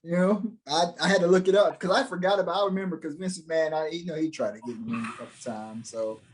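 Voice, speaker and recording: Male podcast co-host, higher register, loose rambling delivery, self-deprecating. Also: fast talker, a little hiss or hum. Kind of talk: casual chat.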